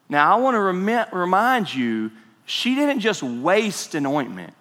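A man's voice: high-pitched, very animated, moderate pace, fairly bright tone, in a large hall. A man preaching a conversational sermon as pastor, asking the congregation questions.

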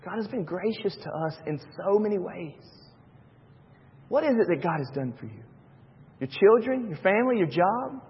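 Husky-voiced pastor preaching. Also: male voice, high-pitched, normal speed. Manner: swings from hushed to loud and excited. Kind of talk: sermon. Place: church sanctuary. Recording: dull reverberant church sound.

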